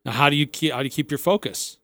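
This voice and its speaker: A man's voice: fairly high pitch, very fast, no room sound, studio quality. A man co-hosting a sports talk radio show, chatting casually and recounting stories. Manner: relaxed, conversational, recounting stories.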